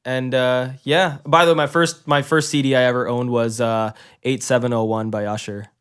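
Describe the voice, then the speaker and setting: Laid-back man with a smooth voice. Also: mid-range voice, steady tone, moderate pace, fairly bright tone. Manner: laid-back, easygoing, lots of filler words. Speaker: podcast host. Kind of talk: casual interview chat.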